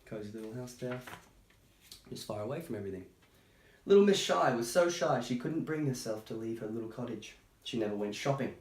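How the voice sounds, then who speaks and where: A man reads a children's storybook aloud at a mid-range pitch, pausing for chatty, sympathetic remarks. His voice carries a noticeable roomy echo. The reading stays easygoing and gentle. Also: animated, slight background noise. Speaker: storytime reader. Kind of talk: reading a picture book aloud with casual asides.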